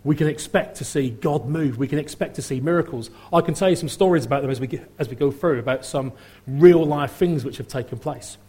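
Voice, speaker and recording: A man's voice: on the high side, fairly quick, dark tone, slightly rough. A male preacher giving a sermon at a church service, talking conversationally and putting questions to the congregation.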